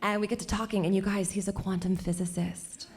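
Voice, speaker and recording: A young woman telling a personal story on stage at a cultural center, animated and laughing often between lines. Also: mid-range voice, brisk.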